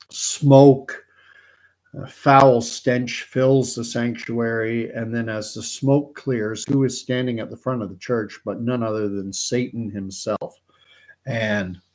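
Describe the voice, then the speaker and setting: A man's voice: on the low side, a little mellow. A man from Canada hosting a casual live stream, chatty and joking, thinking aloud as he follows a count. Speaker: host.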